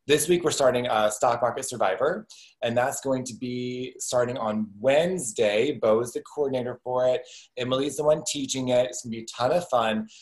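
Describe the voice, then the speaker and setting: A man's voice: mid-range voice, normal speed, low-quality recording. A man hosting an online talk show, chatting casually with jokes and self-deprecating asides. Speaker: podcast host. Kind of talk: casual chat.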